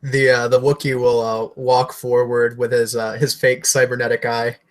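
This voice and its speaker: A man playing in a tabletop game, calmly describing his character's actions. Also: medium pitch, moderate pace. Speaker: player.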